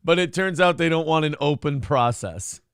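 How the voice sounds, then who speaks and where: A man's voice: on the high side, moderate pace, fairly bright tone, smooth, dry recording, clean studio sound. A man hosting a morning talk show, trading crude jokes and laughing often. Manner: laughs often, mocking, jokey. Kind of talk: crude comedic banter.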